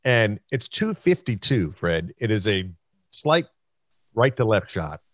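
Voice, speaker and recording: A man's voice: on the low side, very animated, slow, dry recording. A middle-aged man hosting a golf chat show, telling a long story with quoted voices and plenty of fillers. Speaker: host.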